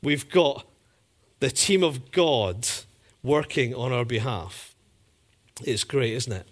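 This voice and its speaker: A man preaching a sermon to a congregation in a church, lively and conversational, with humorous asides. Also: medium pitch, takes it slowly.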